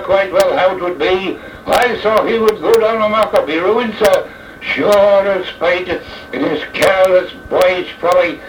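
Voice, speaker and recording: A man giving a dramatic verse recitation in the voice of an old jockey, with a theatrical, slow and deliberate delivery, in an echoey, distant, dull old recording. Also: high voice, a little hiss or hum.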